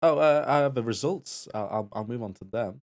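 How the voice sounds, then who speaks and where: Gravelly-voiced man co-hosting a stream. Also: medium pitch, brisk, darkish tone. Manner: chatty, reads out donations. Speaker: stream co-host and assistant. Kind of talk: casual live-stream chat.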